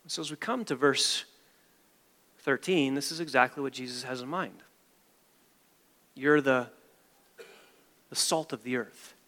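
A man's voice: medium pitch, a little slow, long pauses, bright, forceful tone, long reverb tail. A male pastor delivering an emphatic sermon, repeating phrases and restarting as he builds each point.

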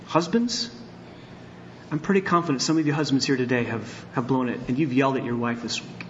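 A middle-aged pastor with a medium-pitched voice preaches a little fast in a church sanctuary, telling personal stories candidly and at times breaking into emphatic bursts. The highs are cut off, and there's slight background noise.

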